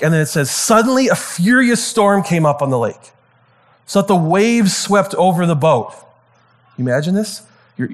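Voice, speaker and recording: Animated casual male preacher. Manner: animated, acts out the disciples with high excited voices. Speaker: pastor. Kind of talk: casual conversational sermon.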